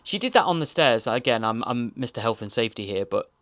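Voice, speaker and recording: A man's voice: mid-range voice, lively intonation, fast, fairly bright tone, no room sound. Wry, rambling man commentating. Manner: rambling, wry and jokey, reacting as he watches. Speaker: host. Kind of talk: audio commentary on a TV episode.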